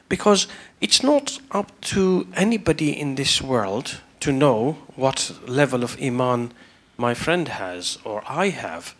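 A man's voice: mid-range voice, fairly bright tone. A man attending a religious class, politely asking a searching question while thinking aloud.

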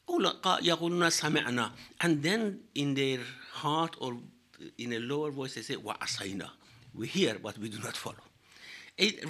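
A man explaining scripture in a lecture, measured and halting, with frequent fillers and pauses. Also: medium pitch, sharp tone. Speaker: religious teacher.

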